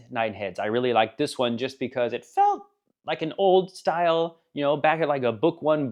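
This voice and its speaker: Man, casual book review, rambling, enthusiastic, mid-pitched voice. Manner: rambling and enthusiastic, laughs at funny bits.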